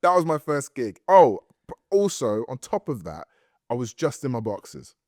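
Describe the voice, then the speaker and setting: A man, a podcast guest telling animated stories with many fillers and restarts, and laughing often. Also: medium pitch, normal speed, no room sound, studio quality. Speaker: guest, actor and studio founder. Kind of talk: casual podcast storytelling.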